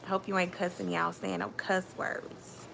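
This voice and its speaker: A woman's voice: lowish voice, flat delivery, normal speed, creaky, fairly bright tone, a little hiss or hum. A woman, hosting a casual live stream and chatting directly to her viewers. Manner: chatty, addresses viewers as y'all.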